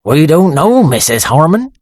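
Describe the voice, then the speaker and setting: A woman voicing a middle-aged police sergeant, slow-spoken and deferential, with a husky edge. His pitch moves about freely in a dry, close recording. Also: sing-song, a little mellow, no echo, exaggerated voice. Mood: steady. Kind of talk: audiobook character reading.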